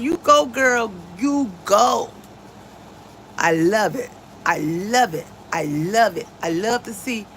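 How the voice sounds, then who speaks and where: A woman hosts a casual livestream from home on a phone mic, speaking emphatically and a little preachily about faith and her friends. Her mid-range voice is creaky, and the rough recording carries slight background noise.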